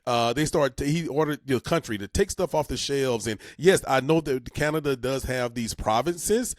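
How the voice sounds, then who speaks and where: A male co-host speeds through a civics explainer on community talk radio, leaning on repetition in a folksy, emphatic way. His mid-range voice runs a little fast with hardly any pauses. There's no echo, just clean studio sound.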